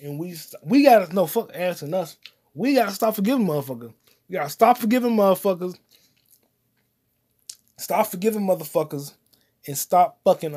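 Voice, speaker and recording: A man hosting his own solo comedy podcast, cursing often and rambling while he eats popcorn, his voice swinging between loud outbursts and mutters. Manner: profane, loud swings in volume and pitch; eating popcorn while talking. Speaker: podcast host.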